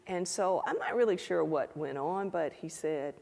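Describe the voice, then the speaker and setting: A middle-aged woman, a guest on a stage interview before a live audience, telling an animated anecdote and acting out the dialogue. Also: on the low side, normal speed, vocal fry. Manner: animated anecdotal storytelling, acts out quoted dialogue. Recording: echoey hall.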